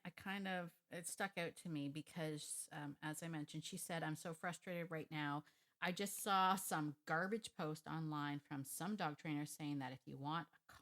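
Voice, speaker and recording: A woman hosting a dog training podcast, talking in a chatty, animated way, often laughing and repeating phrases as she goes. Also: mid-range voice. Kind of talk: casual solo podcast talk.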